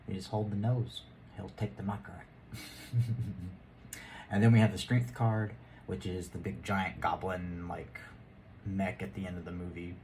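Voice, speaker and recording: A man's voice: sits low, a little mellow, slight background noise. A man giving a rambling, casual tarot reading, laughing and muttering asides to himself. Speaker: tarot reader.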